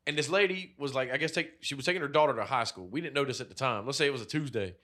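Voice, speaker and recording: A man's voice: medium pitch, very fast. A man co-hosting a podcast, telling a story in casual profane chat and acting out the people in it. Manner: animated, profane storytelling with acted-out quotes. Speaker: podcast co-host.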